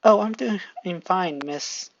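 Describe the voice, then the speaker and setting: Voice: mid-range voice, takes it slowly, highs cut off, voice pushed up. A narrator doing a shy earnest teen boy.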